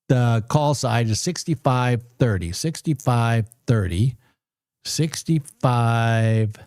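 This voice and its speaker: A man hosting a live trading stream, chatting to his viewers in an excitable, casual way and repeating numbers aloud as he works. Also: on the high side, no echo, studio quality. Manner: excitable, talks to viewers and chat. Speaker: livestream trading host.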